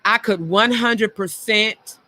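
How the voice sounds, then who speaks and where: A woman's voice: medium pitch, takes it slowly, sharp tone. A middle-aged woman hosting a talk show, speaking frankly and earnestly about her own past and repeating phrases for emphasis. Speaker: show host. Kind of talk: reflective personal talk.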